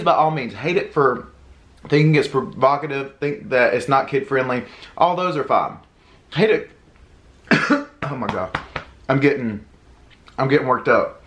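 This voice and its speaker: A man with a Southern US accent, a podcast co-host, talking casually in an animated, indignant rant full of fillers. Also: mid-range voice. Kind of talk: casual chat. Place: home, eating at table.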